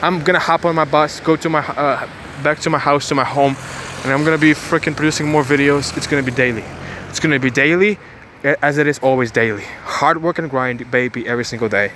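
A man's voice: fairly high pitch, fairly quick, few pauses, background noise. Emphatic, repetitive motivational vlogger, a man. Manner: emphatic and repetitive, speaks straight to viewers; often restarts words and phrases. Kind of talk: motivational monologue. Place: outdoors, about to board a bus.

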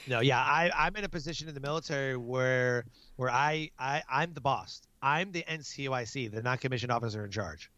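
Animated man telling family stories. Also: mid-range voice, fairly quick, dull audio. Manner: animated, laughing, acts out his own outbursts. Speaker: guest; military non-commissioned officer. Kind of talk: casual storytelling interview.

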